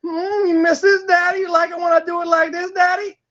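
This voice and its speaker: A woman's voice: extremely high pitch, flat delivery, brisk, a bit bright, lo-fi sound. A woman voicing a brash, flirty female pig in a wig in a game role-play, clingy and calling everyone daddy.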